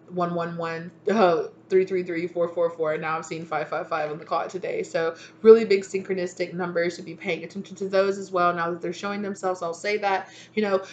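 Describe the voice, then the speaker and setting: Chatty low-voiced woman tarot reader. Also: muffled recording, slight background noise. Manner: rambling, chatty, peppered with "you know" and "right?". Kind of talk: casual spiritual guidance talk.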